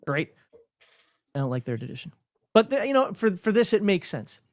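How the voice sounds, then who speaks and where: A man's voice: sits high, very animated, moderate pace, dry recording. Rambling Minnesotan man explaining rules. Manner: rambling, self-correcting, laughs often. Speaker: host explaining game rules. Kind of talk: casual livestream rules breakdown.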